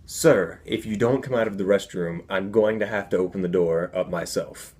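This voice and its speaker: A man voicing a calm, polite male store manager, firm yet soothing, in a low husky voice. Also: moderate pace.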